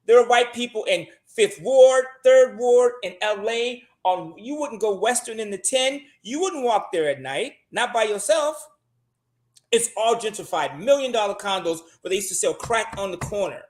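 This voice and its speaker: A man's voice: sits high, animated, normal speed, reverberant. A man talking casually and bluntly as a show guest, swearing often and pressing his money advice with emphasis.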